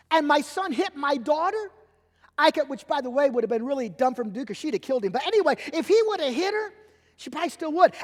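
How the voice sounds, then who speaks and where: A middle-aged man preaching a sermon as pastor, emphatic and animated, acting out little quotes as he goes. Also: very high-pitched. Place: church sanctuary. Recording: long church hall reverb.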